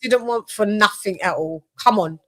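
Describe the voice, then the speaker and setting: A woman's voice: medium pitch, moderate pace, sharp tone. A woman hosting a casual podcast chat, blunt and swearing freely. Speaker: host.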